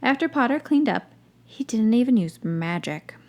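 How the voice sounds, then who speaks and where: A woman's voice: fairly high pitch, lively intonation, normal speed, muffled recording. A woman hosting a podcast, reading a story aloud and breaking off for wry, dry asides. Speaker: podcast host reading fan fiction.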